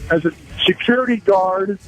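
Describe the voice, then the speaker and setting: A man's voice: high voice, normal speed, lo-fi sound. A man calling into a radio show, speaking hesitantly with many fillers. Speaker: caller. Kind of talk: phone call into radio show.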